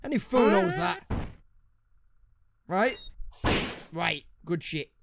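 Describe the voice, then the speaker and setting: A man's voice: high-pitched, expressive, slow pace, vocal fry, noisy background. A man with a British accent doing sarcastic let's play commentary, swearing and muttering to himself. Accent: British English. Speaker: gaming YouTuber. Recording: game music behind.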